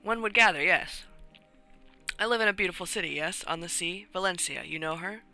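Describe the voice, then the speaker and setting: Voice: medium pitch, brisk, bright, forceful tone, faint music behind. A streamer voicing a flirtatious Spanish countess in a put-on Spanish accent, with broken, dramatic English. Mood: wistful.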